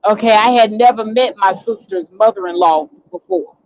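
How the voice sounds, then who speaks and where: A woman's voice: a little high, big pitch swings, normal speed, creaky, darkish tone, no echo, lo-fi sound. A woman telling a story in a casual, indignant, ranting monologue, acting out what people said. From Chicago. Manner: indignant, ranting storyteller who acts out quotes. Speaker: online talk show host.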